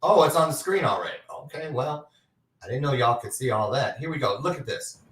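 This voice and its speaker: A man's voice: medium pitch, expressive, fairly quick, a bit bright, far from the mic. A man hosting a talk show in casual chat, chatty and a little scattered as he hunts for a clip. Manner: chatty, scattered, fumbles with his screen. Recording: echoey room, away from the mic.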